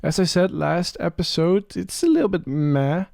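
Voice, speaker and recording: Talking to the creatures in his game, a young Let's Play creator keeps his casual commentary chatty and full of excited rising questions. His creaky voice is on the high side at normal speed, captured in clean studio sound with no room sound.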